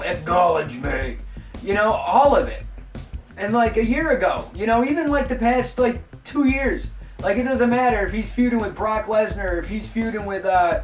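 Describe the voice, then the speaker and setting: Profane, rambling man in his forties. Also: high-pitched. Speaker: host. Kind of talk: casual wrestling talk. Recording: roomy, distant mic, faint music.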